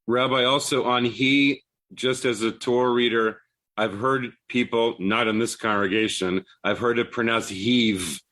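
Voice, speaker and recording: A man taking part in a Bible study class, a Torah reader who asks questions hesitantly, with many pauses. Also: medium pitch, fairly even intonation, pushed and bright.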